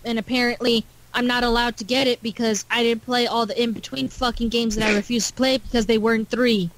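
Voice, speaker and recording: A woman's voice: on the high side, flat delivery, a little fast, low-quality recording. Blunt woman guest, swearing casually. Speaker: podcast guest. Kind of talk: casual chat.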